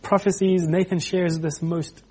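A man preaching an informal sermon, animated, acting out quotes with frequent restarts. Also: high voice, measured pace, slightly rough.

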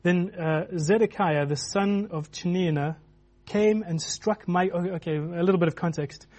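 A man's voice: high-pitched, normal speed, darkish tone. A man preaching a sermon in a loose, conversational way, with many restarts and filler words.

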